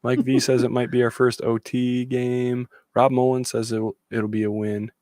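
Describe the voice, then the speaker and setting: A man's voice: medium pitch, level tone, normal speed, darkish tone, dry recording, clean studio sound. A man co-hosting a casual sports panel podcast, giving blunt opinions and reading out viewer comments. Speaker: podcast co-host.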